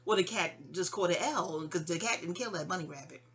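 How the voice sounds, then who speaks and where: A woman's voice: lowish voice, a little fast, a bit bright, breathy edge. A middle-aged woman with a New York accent, telling a personal story in a rambling, digressive way full of fillers and restarts. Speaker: vlogger telling a memoir story. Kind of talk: casual rambling storytelling monologue.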